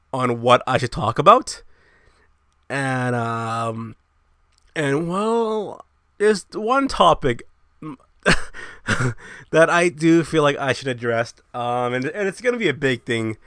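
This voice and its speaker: Young man, casual rant, profane and brash, highish voice, dry close sound. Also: fairly bright tone, no room sound. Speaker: show host. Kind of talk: casual ranting monologue.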